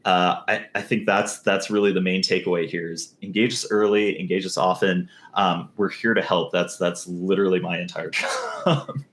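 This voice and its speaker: This is a man with a lowish voice explaining his work on a podcast. He is relaxed and leans on "um" and "right?". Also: moderate pace, reverberant. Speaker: game server service specialist. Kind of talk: casual podcast discussion.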